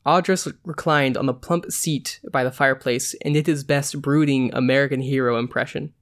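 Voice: medium pitch, steady tone, normal speed, few pauses. Hesitant podcast host reading a story. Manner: hesitant, many fillers. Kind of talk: casual chat and story reading.

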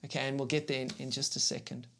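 Man, pastor teaching a live online series, chatty and animated, reads scripture with emphasis. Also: mid-range voice, fast talker, gravelly. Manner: conversational and animated, greets viewers in the chat. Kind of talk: live-streamed Bible teaching.

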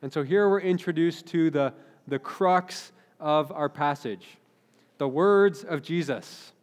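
A man's voice: fairly high pitch, slow pace. A man in his thirties, a pastor giving an earnest, conversational sermon with frequent restarts. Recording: long hall reverb.

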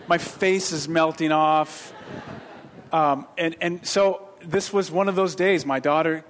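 A man's voice: fairly high pitch, steady tone, moderate pace, fairly bright tone, a little hiss or hum. A man in his thirties preaching, telling a rambling personal story with self-deprecating jokes and lots of restarts. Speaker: pastor. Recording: long reverb of a hall.

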